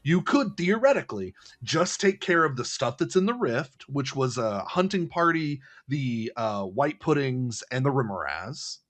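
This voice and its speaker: This podcast co-host has a slightly high voice and talks a little slowly, with hardly any pauses. He chats casually about a tabletop role-playing module, animated and rambling, laughing frequently.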